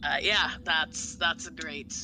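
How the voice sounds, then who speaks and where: A tabletop game player, animated and jokey, chatting in and out of character. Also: medium pitch, slow pace, gravelly, noisy background. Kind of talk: casual tabletop play.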